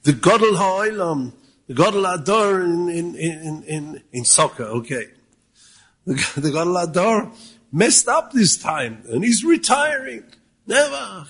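A man with a high-pitched, husky voice gives a Torah talk in Yeshivish English sprinkled with Yiddish and Hebrew words. He poses rhetorical questions, quotes Hebrew sources and sometimes raises his voice to drive a point home.

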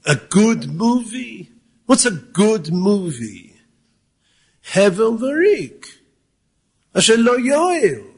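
A man's voice: high voice, sing-song, drawn-out words, long pauses, breathy edge. A man with a Yeshivish accent giving a Torah talk, full of rhetorical questions, quoting Hebrew sources and at times raising his voice to stress a point. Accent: Yeshivish English with Yiddish and Hebrew words. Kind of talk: Yiddish-laced Torah talk.

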